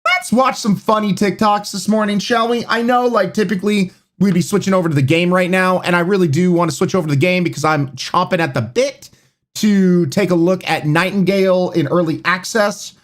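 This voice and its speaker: A man's voice: high-pitched, fairly quick. A man streaming live, chatting casually, reading out chat and rambling with lots of fillers. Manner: rambling, reads chat aloud, many fillers.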